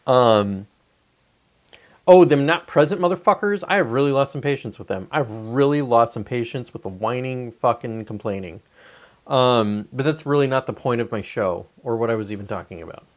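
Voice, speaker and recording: A man in his forties rambles through a casual livestream, swearing freely and drifting off topic. He slips into high, whiny mock voices to mimic complainers, then drops back to his plain middle-pitched talk. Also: lively intonation, moderate pace. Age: 40s. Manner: profane, digressive, mocks whiners in high whiny voices. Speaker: livestream host.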